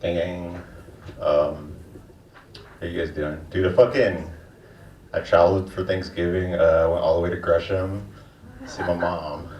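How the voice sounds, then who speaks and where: A man's voice: low-pitched, level tone, a little slow, long pauses, slight background noise. A young man doing a stand-up set, with a laid-back, crude, slangy delivery. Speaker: stand-up comedian. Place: comedy club stage. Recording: dull, distant, echoey club recording.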